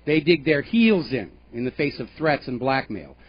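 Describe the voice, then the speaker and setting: This radio talk show host is a man of medium pitch whose voice swings widely, moves at a moderate pace, and has a slight roughness. He delivers opinionated political commentary emphatically and pointedly, tossing in scornful remarks, over a dull, lo-fi radio broadcast.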